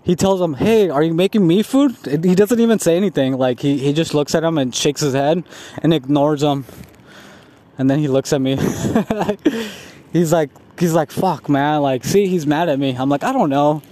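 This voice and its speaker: A man's voice: a little high, fairly quick, dark tone. A young man telling a long, rambling, profane story in a casual vlog, laughing often as he talks. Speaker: vlogger.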